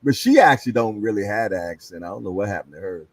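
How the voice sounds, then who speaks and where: A man's voice: lowish voice, lively intonation, quick pace, low-quality recording. A middle-aged man hosting a casual hangout show, joking loosely in slang and telling stories with frequent laughs. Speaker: host. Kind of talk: casual chat and storytelling.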